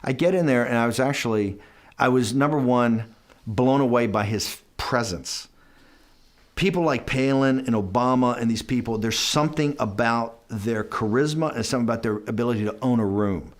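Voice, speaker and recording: A man sitting as an interview guest and recounting a meeting at length. His pitch sits in an ordinary middle range. He rambles, cuts himself off mid-sentence, and slips into quoted back-and-forth dialogue as he tells it. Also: moderate pace. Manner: rambling, self-interrupting storyteller. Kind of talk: casual anecdote in an interview.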